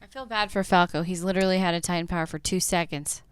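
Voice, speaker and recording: Frau, Co-Host, sehr klare, ruhige tiefe Stimme, trocken. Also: female voice, on the low side, fairly even intonation, fast, clean tone, dry recording. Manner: short agreeing interjections. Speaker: podcast co-host. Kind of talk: casual chat.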